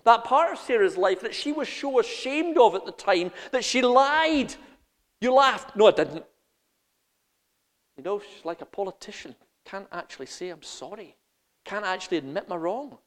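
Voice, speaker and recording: A man preaching a sermon, animated, swinging between loud emphasis and quiet intensity, laughing as he goes. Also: high voice, normal speed, hardly any pauses, long reverb tail.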